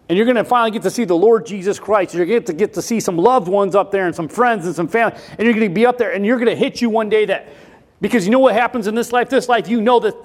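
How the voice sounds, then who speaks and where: A man preaching a sermon in a folksy, repetitive way, switching between loud emphasis and quiet asides. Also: high voice. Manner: folksy, repeats himself with restarts.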